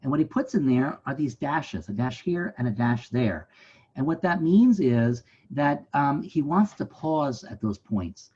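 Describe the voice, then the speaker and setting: A man's voice: medium pitch, lively intonation, measured pace, darkish tone, dull audio, slight background noise. A man giving a virtual history lesson at a library site, talking conversationally and often checking in with his listeners. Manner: conversational, often asks "right?". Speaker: museum educator. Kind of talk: virtual site visit talk.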